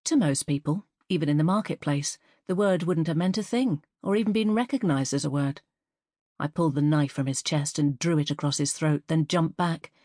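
A woman narrating a first-person fantasy story as an audiobook reader, in a measured, even storytelling manner. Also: low-pitched, no echo, studio quality.

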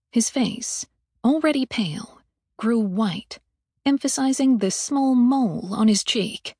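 A woman narrating a story in a steady, measured read. Her voice sits fairly high for a woman, and the recording is dry and close, with no room sound. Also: slightly rough, no echo. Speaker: audiobook narrator. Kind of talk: scripted audiobook narration.

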